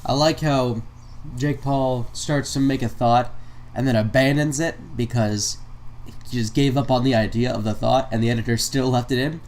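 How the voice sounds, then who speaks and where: A man's voice: medium pitch, fairly even intonation, normal speed, a little mellow. A man giving comedic reaction commentary on a video, sarcastic and mock-exasperated, laughing between lines. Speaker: commentary YouTuber.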